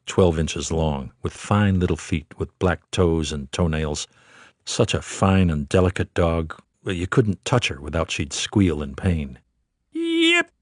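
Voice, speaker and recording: A man reads a literary novel aloud in a measured, rhythmic way. His voice sits low and deep. The recording is dry and close, with no room sound around him. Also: a little mellow, dry recording. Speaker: audiobook narrator. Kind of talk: literary audiobook reading.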